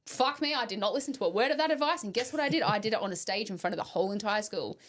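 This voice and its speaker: Fast-talking woman storyteller. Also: medium pitch. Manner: animated, swearing, acts out voices in her stories. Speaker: podcast host. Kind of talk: casual storytelling chat.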